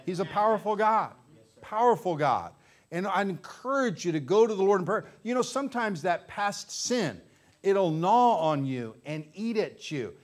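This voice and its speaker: Fervent preaching man, slightly high voice. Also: lively intonation, normal speed. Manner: fervent preaching, repeats phrases for emphasis. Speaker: pastor. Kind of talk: sermon. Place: church sanctuary. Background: congregation.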